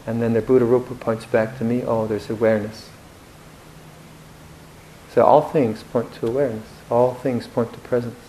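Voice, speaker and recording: A man giving a Buddhist dharma talk in a reflective, gently humorous way, with hesitant restarts. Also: mid-range voice, level tone, brisk, hardly any pauses, a little hiss or hum, low-quality recording. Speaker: Buddhist monk teacher.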